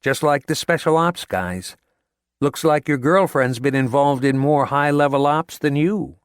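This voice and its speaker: A man's voice: a little high, measured pace, clear, resonant tone, dry recording, studio quality, pitched above the performer's own voice, lightly acted. A man doing a teasing wisecracking hacker guy. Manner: teasing, amused.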